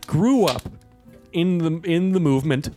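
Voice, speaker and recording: An American man co-hosting a podcast, chatting casually about movies with rambling, deadpan jokes. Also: a little high, a little slow, soft background music. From United States. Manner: joking, rambling, deadpan asides. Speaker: podcast co-host.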